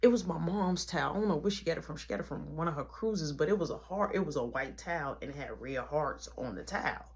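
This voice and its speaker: A woman's voice: sits low, fast, hardly any pauses. A woman telling a casual story in slangy talk, acting out the people in it. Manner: animated, slangy, acts out every voice.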